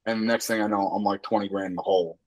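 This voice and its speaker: A man hosting a podcast and coaching wrestlers, talking in lively casual chat with lots of "like" and laughter. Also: lowish voice, rapid-fire, low-quality recording. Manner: animated, laughing, filler-heavy.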